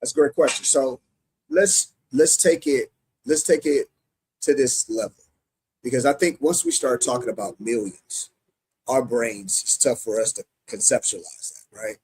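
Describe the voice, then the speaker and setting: A man's voice: medium pitch, unhurried, darkish tone, husky, low-quality recording. A middle-aged American man, a union president, answering interview questions emphatically, often restarting his sentences. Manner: emphatic, many repeated restarts.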